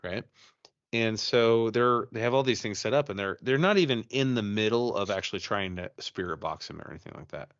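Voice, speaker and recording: A man's voice: on the low side, brisk, fairly bright tone, dry recording, highs cut off. A man co-hosting a podcast, chatting casually and telling a ghost story, profane and rambling with many restarts. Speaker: podcast co-host.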